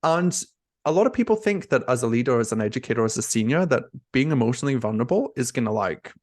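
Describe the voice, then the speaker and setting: Expressive young man, dry close sound. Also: mid-range voice, quick pace, no room sound. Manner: emotional, expressive, heavy use of "like". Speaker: nurse coach, interview guest. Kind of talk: candid conversational interview.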